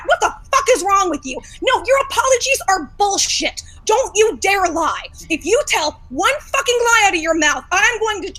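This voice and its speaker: A woman delivering a profane, shouting call-out rant as a guest in a heated livestream debate. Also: very high-pitched.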